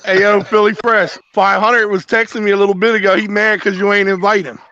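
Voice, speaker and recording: A caller comes through high-pitched and a little muffled. He has no room sound around him. He teases the hosts and then gets animated about his draft picks. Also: no room sound. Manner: animated, playful ribbing, quick restarts. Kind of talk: casual call-in opinion.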